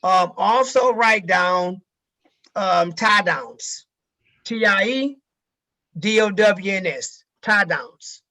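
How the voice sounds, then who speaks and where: A man's voice: high voice, lively intonation, takes it slowly, sharp tone. A man giving a casual sales training talk to a group, emphatic and repeating key phrases, with casual swearing.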